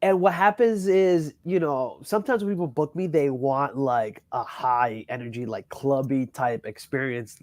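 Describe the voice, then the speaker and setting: A man working as a wedding DJ tells a story in casual chat. He talks in an animated, profane way and says "bro" and "like" constantly. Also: medium pitch, normal speed, few pauses, no echo, studio quality. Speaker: wedding DJ guest.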